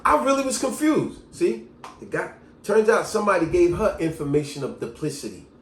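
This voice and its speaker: A man vlogging, telling personal stories in a casual, animated monologue. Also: high voice, fairly quick. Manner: animated storyteller, lively delivery. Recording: echoey room.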